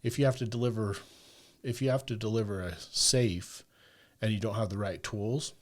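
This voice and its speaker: A man's voice: fairly low pitch, steady tone, moderate pace. A man chatting casually as a podcast guest, telling a long personal story and peppering it with "like" and "right?". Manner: rambling, peppers talk with "like" and "right?".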